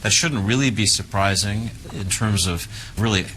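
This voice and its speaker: Halting analyst man, bright low voice. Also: slight background noise, rough recording. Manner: halting, many restarts. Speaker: news analyst guest. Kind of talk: TV interview answer.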